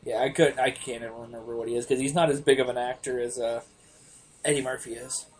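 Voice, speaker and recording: A man hosting a casual podcast chat, telling stories in an animated, profane way. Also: medium pitch, fast. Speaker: podcast host.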